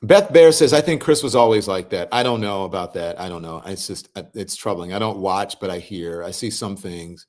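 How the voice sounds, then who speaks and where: A middle-aged man hosting a livestream, reading viewers' comments aloud and answering them in a relaxed, conversational way. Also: low voice, a little fast, few pauses. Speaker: host reading live chat comments. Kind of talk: casual livestream chat.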